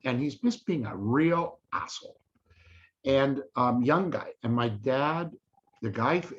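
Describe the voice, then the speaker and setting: An older man telling real estate stories in a casual monologue, acting out the people he quotes. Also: a little high. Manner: animated, acts out quoted voices. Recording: dull lo-fi audio.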